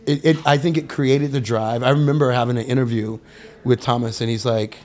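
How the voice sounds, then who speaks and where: A middle-aged man, a guest on a podcast, telling stories in a casual, animated way, acting out the voices of people he quotes and swearing now and then. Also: mid-range voice, a little fast. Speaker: podcast guest, sommelier and winemaker. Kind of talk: casual storytelling interview.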